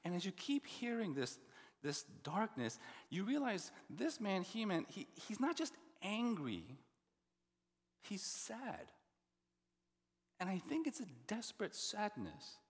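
A pastor preaching a sermon, expressive, often dropping to a hushed voice for emphasis. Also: male voice, sits high, slow. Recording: long reverb of a large hall.

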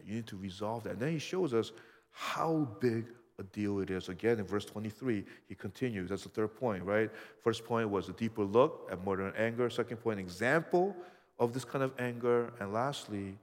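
Man preaching in an echoing hall. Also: lowish voice. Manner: emphatic, swings from quiet to loud. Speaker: pastor. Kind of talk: sermon.

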